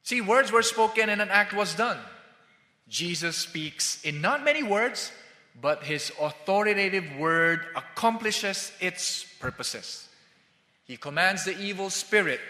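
A male pastor delivers a sermon at an unhurried pace, leaning hard on key words and sinking to a hush at the close of each point. His voice sits a little high and rings bright. The sound is roomy, with a long hall reverb. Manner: emphatic, with drawn-out stressed words and sudden drops in volume.

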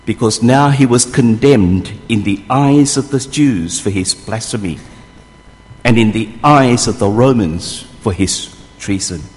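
A man's voice: fairly low pitch, a little slow, a little mellow. A man preaching a sermon, telling the story vividly and acting out the voices of the people in it. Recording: long hall reverb.

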